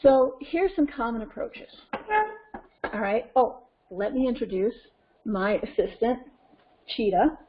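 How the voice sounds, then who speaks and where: A woman parenting coach with a North American accent teaching a webinar in an animated way, acting out scenes. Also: on the high side, measured pace, pauses often, a little hiss or hum. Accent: North American English. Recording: lo-fi conference call audio.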